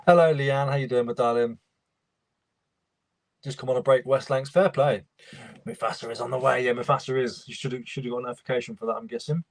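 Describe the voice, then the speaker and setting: A man's voice: medium pitch, fairly even intonation, a little fast. A young man, casually chatting and greeting viewers by name while he works on a livestream. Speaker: reseller livestream host.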